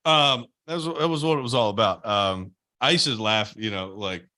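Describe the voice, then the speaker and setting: A young man hosting a podcast, telling animated stories with swearing and laughter. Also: lowish voice, moderate pace, no echo. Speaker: podcast host, former player. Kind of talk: casual podcast chat.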